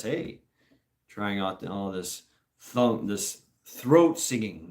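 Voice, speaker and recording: Slow, low-voiced man chatting casually. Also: animated. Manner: rambling, chuckling, slow and drawn out. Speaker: livestream host. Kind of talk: casual livestream chat.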